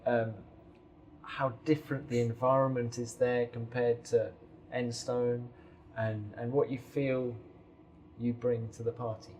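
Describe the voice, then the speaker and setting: A man hosting a podcast interview, friendly and quick to laugh. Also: medium pitch, level tone, a little mellow, slight background noise, low-quality recording. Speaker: podcast host. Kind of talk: interview conversation.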